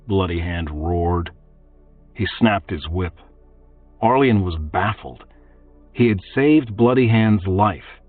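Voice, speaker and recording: A man narrating a fantasy audiobook in a steady, measured storytelling manner. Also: low voice, dry recording. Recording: tinny phone-like, distant, faint music.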